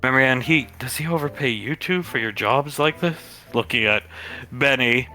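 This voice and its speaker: A man narrating as game master of a livestreamed tabletop role-play, telling the scene in a relaxed way with quick character asides. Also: medium pitch, soft background music.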